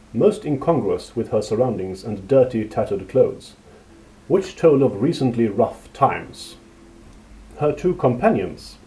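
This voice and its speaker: A man narrating a fantasy story in a steady, measured reading. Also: mid-range voice, low-quality recording.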